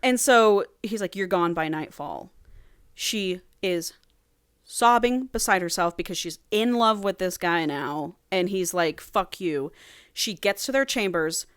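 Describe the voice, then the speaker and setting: A woman co-hosting a casual book podcast, retelling the plot with lively quoted dialogue. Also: mid-range voice, clean tone, no echo, studio quality. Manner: animated retelling, quick voiced quotes of characters. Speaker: podcast co-host. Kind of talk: casual book recap chat.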